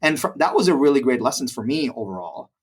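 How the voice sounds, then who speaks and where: A man in his forties from India, a podcast guest telling stories in an animated conversational way, with frequent fillers and restarts. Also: mid-range voice, fast talker, slightly rough. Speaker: podcast guest, brokerage president. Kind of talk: conversational storytelling.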